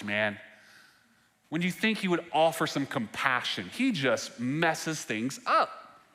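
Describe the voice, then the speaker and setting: A man preaching a sermon as pastor, moving from quiet scripture reading to animated, humorous preaching. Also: sits high, big-room sound. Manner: preaching with rising intensity and humor. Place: church sanctuary.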